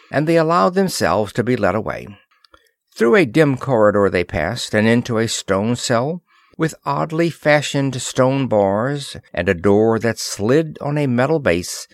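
A man reading a story aloud as narrator, with expressive storytelling. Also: mid-range voice, no echo, studio quality. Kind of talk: reading a pulp science-fiction story aloud.

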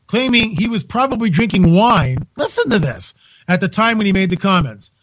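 A male radio host with a high voice, chatting live on air in a loose, joking way and often restarting his sentences. The sound is close and dry, with no room echo. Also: a little fast. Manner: joking, animated, with frequent restarts. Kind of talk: casual live radio talk. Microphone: studio microphone on a live radio broadcast.

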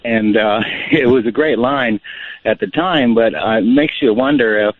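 A man's voice: mid-range voice, measured pace, dry recording. A man from California calling a radio show, rambling and hesitant with many fillers. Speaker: caller. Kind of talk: call-in radio. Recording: dry, tinny phone line.

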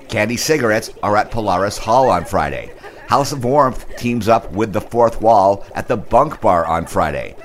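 Low-voiced male radio host. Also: slight background noise. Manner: upbeat, playful listing of band names. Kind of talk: reading a concert calendar.

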